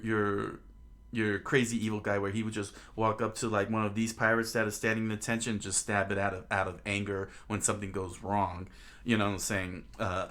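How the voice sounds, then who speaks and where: A man giving casual commentary as a comic reviewer, talking in a halting way with many ums and restarts. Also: fairly low pitch, a bit bright.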